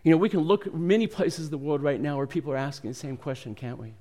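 Guy preaching, reads scripture then talks it through, earnest, slightly high voice. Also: quick pace, warm tone, long reverb tail. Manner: earnest, acts out quoted voices with rising intensity. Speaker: pastor. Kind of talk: sermon with scripture reading.

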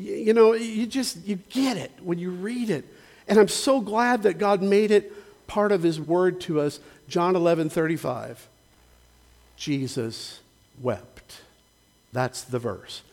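Pastor, male, high voice, earnest conversational sermon, long church reverb. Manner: conversational, earnest, frequent restarts and asides. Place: church sanctuary.

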